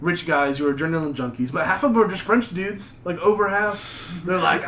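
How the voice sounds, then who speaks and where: A man telling rambling, animated stories on a casual podcast. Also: high-pitched, fairly quick, a crowd in the background. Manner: rambling, animated storytelling with mocking put-on voices. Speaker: podcast host. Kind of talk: casual chat. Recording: echoey room with faint noise.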